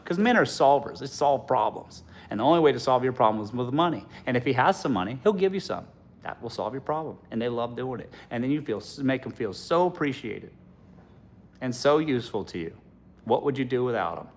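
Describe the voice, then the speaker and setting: A man's voice: mid-range voice, animated, fairly quick. A man doing a loose comic monologue for a livestream audience, laughing often as he talks. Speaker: comedian.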